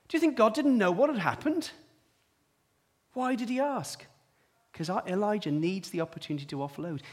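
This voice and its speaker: A man giving a sermon, telling his own story in a personal way, dropping quiet and then rising to emphatic peaks. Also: sits high, breathy edge. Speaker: preacher.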